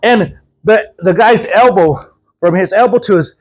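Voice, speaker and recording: A man preaching a sermon at a church service, telling stories with animated quoted voices and chuckles. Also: high voice, measured pace, husky. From Houston, Texas. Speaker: guest preacher.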